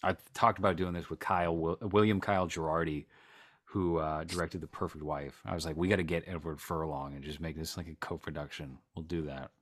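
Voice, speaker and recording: A man's voice: a bass voice, fairly even intonation, fairly quick, fairly bright tone, dry recording. A man co-hosting a podcast, chatting about films in a rambling, joking way and poking fun at himself. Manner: rambling, joking, self-deprecating. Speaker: podcast co-host. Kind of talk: casual film chat.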